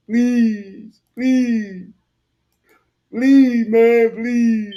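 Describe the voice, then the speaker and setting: A man with a medium-pitched, dark-toned voice reacts to a video with crude, mocking commentary, laughing at what he watches.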